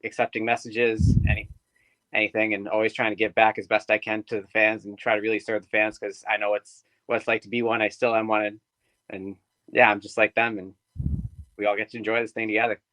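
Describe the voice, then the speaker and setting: A man's voice: on the low side, little pitch movement, brisk, sharp tone, no echo, rough recording. A young man, a guest on a podcast, talking about himself in an easygoing way and laughing often. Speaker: podcast guest, pro wrestler. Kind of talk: casual interview chat.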